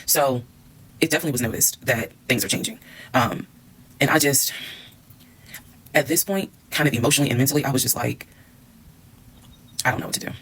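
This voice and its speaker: A woman's voice: very deep voice, a little fast, pauses often, fairly bright tone, slightly rough, poor audio. A woman telling a personal story to her followers, candid and blunt, swearing and acting out what people said. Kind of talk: storytime monologue.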